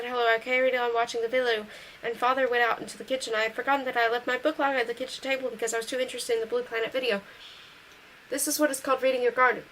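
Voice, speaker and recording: A woman reading a novel aloud in steady first-person narration. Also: a little high, slight background noise, low-quality recording. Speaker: audiobook reader.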